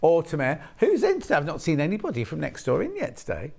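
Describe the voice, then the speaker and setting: This man hosts a live shopping broadcast from a TV studio, and his voice sits a little high for a man. He rambles cheerfully between bolts of fabric and reads each price aloud in a casual sales patter. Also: wildly swooping pitch, fast talker, vocal fry, a little mellow, breathy edge. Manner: chatty and rambling, reading out prices between asides. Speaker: shopping channel presenter.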